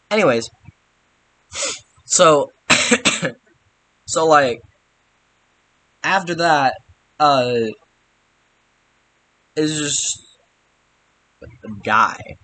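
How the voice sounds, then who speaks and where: A young man rambles through a comedic movie recap in a sarcastic, offhand way. His voice sits a little high and sounds bright, with a casual, chatty delivery. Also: very slow, pauses often. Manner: rambling, sarcastic, frequent mild swearing substitutes. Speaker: youtuber recapping a film.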